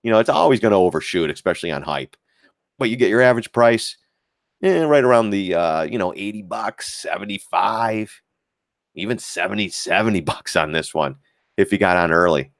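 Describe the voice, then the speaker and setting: A man's voice: fairly low pitch, moderate pace, no echo, studio quality. A man giving blunt, profane live-stream commentary on stock charts and talking to viewers as guys. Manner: lively, mocks critics in put-on voices.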